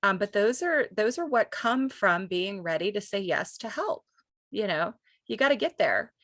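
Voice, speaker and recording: A woman's voice: medium pitch, lively intonation, normal speed, fairly bright tone, no room sound. A woman who is a parent of a child with Duchenne, talking candidly and chattily with lots of fillers. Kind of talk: conversational webinar sharing. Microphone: video call microphone.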